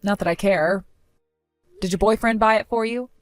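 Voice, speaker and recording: A woman telling a first-person story, speaking in a flat, weary and sarcastic way. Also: mid-range voice, moderate pace, faint music behind.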